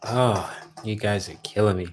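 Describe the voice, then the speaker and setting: A man's voice: fairly low pitch, normal speed, background noise. A man hosting a late-night live stream, reading viewer comments aloud, laughing often and teasing playfully, a little sleepy. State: sleepy, yawning. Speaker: livestream host.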